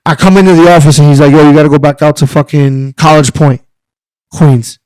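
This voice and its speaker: Man, pitched high, cursing, fired up, dry studio sound. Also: brisk, no room sound, poor audio. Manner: profane, animated, heated. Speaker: podcast guest, wrestler. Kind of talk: casual storytelling.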